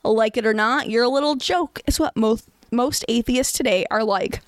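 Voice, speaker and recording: A woman's voice: on the high side, normal speed, dry recording, studio quality, lightly acted. A woman voicing a self-righteous, preachy old male headmaster who commands his students, in a sanctimonious tone.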